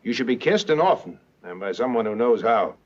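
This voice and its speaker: Cynical wry gentleman rogue, confident and teasing; muffled 1930s film sound. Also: medium pitch, very animated, fairly quick. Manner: teasing, smooth and self-assured.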